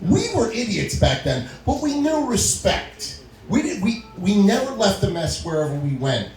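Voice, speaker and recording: A middle-aged man performs stand-up in a small club, his voice mellow and swinging widely in pitch as he laughs through his stories. The room carries a noticeable echo around him. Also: very animated, moderate pace. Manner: storytelling with frequent laughs and acted-out quotes. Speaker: stand-up comedian. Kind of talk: stand-up comedy set. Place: small comedy venue. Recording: echoey room recording.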